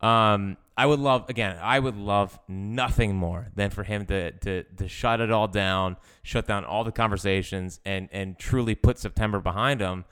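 Young male sports podcast co-host, low and smooth, rambling fan chatter. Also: fairly even intonation, normal speed, few pauses, a bit bright. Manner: rambling, frustrated fan talk with laughs. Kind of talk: casual sports chat.

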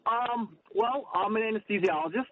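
A man calling in to a radio show, speaking earnestly and a little hesitantly. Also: high voice. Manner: measured, earnest, a bit hesitant. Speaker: caller, anesthesiologist. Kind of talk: phone-in call to a radio show. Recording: muffled phone line with faint noise.

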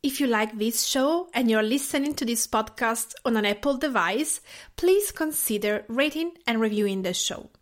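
Soft-spoken Italian woman hosting a podcast. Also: on the high side, animated, normal speed. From Tuscany, Italy. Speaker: podcast host. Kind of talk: scripted podcast narration.

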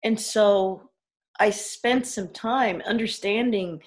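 A woman's voice: mid-range voice, slow pace. A middle-aged woman from the Caribbean, an actor and educator, telling stories in a casual interview over a video call, laughing often and acting out what people said. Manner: animated storyteller, laughs often, acts out quotes.

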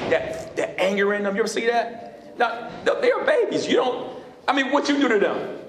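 A man preaching a sermon as pastor, questioning his congregation in call-and-response style from a church sanctuary. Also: sits high. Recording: echoey hall.

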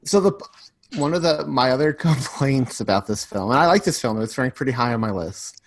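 A man's voice: medium pitch, expressive, a little fast, dry recording. A man co-hosting a podcast in casual chat, talkative and full of "like" fillers. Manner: talkative, fills speech with "like". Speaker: podcast co-host.

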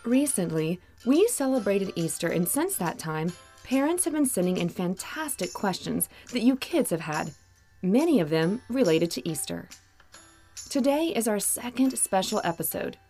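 A woman hosting a children's Bible story podcast, narrating with clear, gentle, expressive delivery. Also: medium pitch. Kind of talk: warm scripted narration for children.

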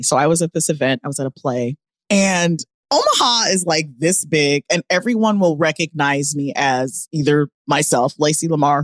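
A woman's voice: low-pitched, dry recording. A woman co-hosting a podcast, telling a funny story in a casual chat and acting out the people in it. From Nebraska, United States. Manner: animated, laughing storyteller who acts out quoted lines. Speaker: podcast co-host.

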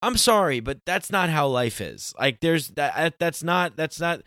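A man's voice: fairly high pitch, lively intonation, a bit bright, dry recording, clean studio sound. Rambling man in casual chat. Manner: rambling, many restarts, slows for emphasis.

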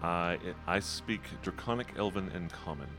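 Casting: a very deep male player, casual and chatty, music playing behind. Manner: chatty, rule-minded, quick to laugh. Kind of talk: casual tabletop play.

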